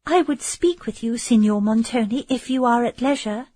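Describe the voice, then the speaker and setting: A tremulous young woman pleads to be let go, her voice lifted high and trembling. It has a soft, breathy edge, as a woman narrator takes on the part. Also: normal speed, no echo, lightly acted. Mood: tremulous pleading.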